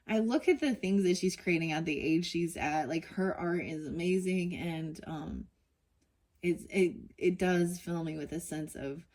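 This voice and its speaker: A middle-aged woman with a somewhat low voice talks through a card reading in an easy, rambling way. She drifts between points and scatters "dude" and "you know" through her talk. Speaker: tarot card reader. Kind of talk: casual card-reading chat.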